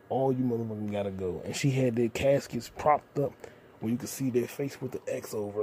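A young man hosting a solo podcast, rambling in a casual, profane way with sudden loud outbursts. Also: mid-range voice, lively intonation, a little fast, gravelly, a little hiss or hum. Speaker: podcast host.

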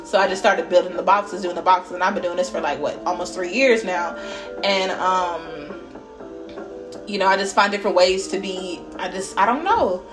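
A woman's voice: on the low side, moderate pace, music in the background. Candid, profane woman telling a story. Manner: candid, profane, animated with bursts of laughter. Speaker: podcast host. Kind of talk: casual storytelling monologue. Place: at home.

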